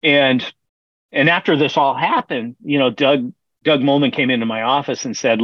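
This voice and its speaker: A man's voice: mid-range voice, normal speed, a bit bright, dry recording, lo-fi sound. Rambling middle-aged man telling stories. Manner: rambling, self-interrupting with frequent fillers and laughs. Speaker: brewer, podcast guest. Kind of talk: casual storytelling interview.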